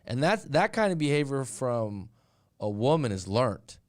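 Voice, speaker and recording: A man's voice: medium pitch, big pitch swings, measured pace. Blunt middle-aged man coaching on dating. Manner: candid, blunt, storytelling with quoted voices. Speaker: dating and breakup coach, live stream host. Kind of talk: casual live-stream monologue.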